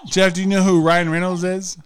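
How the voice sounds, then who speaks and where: A man's voice: high voice, flat delivery, a little fast, clear, resonant tone. A man hosting a podcast and running a quiz game for his guests, joking and laughing between questions. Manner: playful, laughing quiz-master. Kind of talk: casual studio banter.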